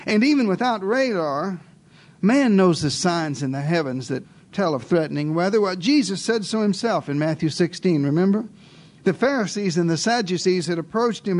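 A man with a notably high voice delivers a sermon as a first-person story, speaking as one of the disciples. He moves between quiet, confiding asides and bold, raised lines, often turning to the listeners with questions. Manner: theatrical, shifting between hushed asides and raised exclamations; addresses listeners directly with rhetorical questions. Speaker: preacher.

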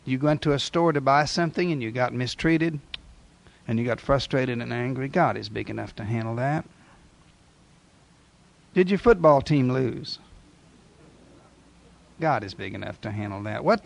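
A man's voice: mid-range voice, animated, normal speed, creaky, pauses often. A man preaching a sermon, speaking emphatically and putting repeated rhetorical questions to his congregation.

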